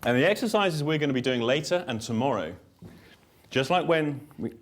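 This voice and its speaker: A man's voice: medium pitch, expressive, normal speed. A man, a therapist and trainer, giving a live workshop talk in an emphatic, blunt way, repeating key lines and telling stories with dry self-mockery.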